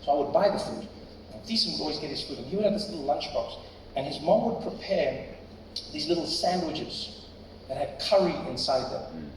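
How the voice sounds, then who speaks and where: A man delivers stand-up in a high, animated voice and keeps checking in with the crowd. He sounds distant in a very echoey theater with a long reverb. Audience noise fills the background. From South Africa. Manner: animated, chatty, tags lines with "right?". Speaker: stand-up comedian. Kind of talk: stand-up storytelling. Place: large theater stage.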